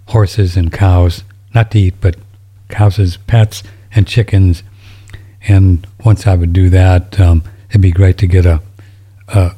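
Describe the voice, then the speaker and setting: A man's voice: low-pitched, warm tone. A man hosting a show, reading listener emails in a rambling, folksy, casual way, easily moved to tears. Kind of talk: casual chat.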